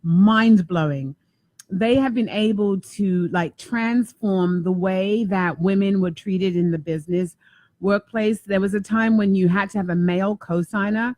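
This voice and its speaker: A woman's voice: medium pitch, measured pace, darkish tone, no room sound. Effusive woman hosting a talk show. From United States. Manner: effusive, emphatic, repeats herself for emphasis. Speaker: talk show host and life coach. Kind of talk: casual enthusiastic talk show.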